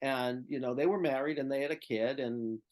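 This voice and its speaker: A man's voice: medium pitch, fairly quick, darkish tone. An older male therapist telling a client story in conversation, often checking in with "right?" and "okay?".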